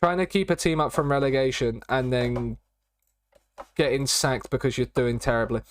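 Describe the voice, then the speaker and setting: A man's voice: medium pitch, fairly even intonation, moderate pace, no room sound. A young man chatting casually as he streams a football management game, rambling and repeating his catchphrases. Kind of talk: casual live-stream commentary.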